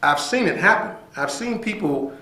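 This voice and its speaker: A man's voice: high voice, normal speed, echoey room, rough recording. A man telling a story as a podcast guest, acting out the voices of people in it and often checking in with "right?". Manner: animated, acts out quoted voices, says "right?" often. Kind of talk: casual storytelling.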